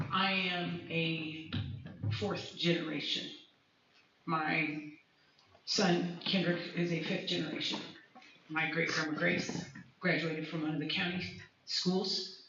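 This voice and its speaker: A woman's voice: sits low, little pitch movement, slow, long pauses, background noise. A woman music teacher speaking with feeling at a school community meeting, personal and rambling with restarts. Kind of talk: emotional public speech at a community meeting. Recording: echoey hall from far off, dull.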